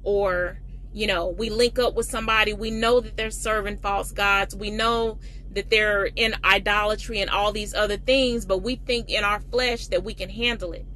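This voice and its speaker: A woman teaching a livestreamed Bible lesson, reading scripture slowly and then explaining it with emphatic repetition. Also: medium pitch, bright, forceful tone, low-quality recording.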